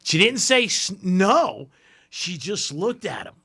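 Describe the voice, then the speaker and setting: A man's voice: high-pitched, slow pace, slightly rough. A man hosting a radio talk show, telling a story with lots of laughter in casual banter. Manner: animated storyteller, laughs often. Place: radio studio.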